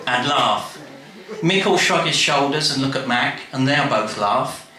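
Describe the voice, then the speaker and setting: A man telling a comic story in a chatty, animated way, speaking straight to the listener. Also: mid-range voice, a little slow. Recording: very echoey room, faint noise.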